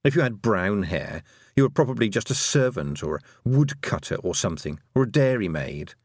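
A man narrates an audiobook in a gently wry, unhurried way. His low voice rises and falls expressively. The sound is dry and close, with no room around it. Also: sing-song, breathy edge, no room sound.

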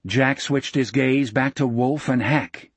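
A man narrating an audiobook in a steady, measured storytelling manner. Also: mid-range voice, slightly rough, no room sound.

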